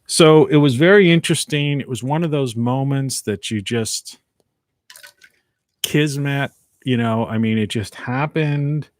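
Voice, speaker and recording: A man's voice: medium pitch, measured pace, no room sound. A man hosting a casual live stream from home, rambling and reflective, often trailing off mid-thought. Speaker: live video host.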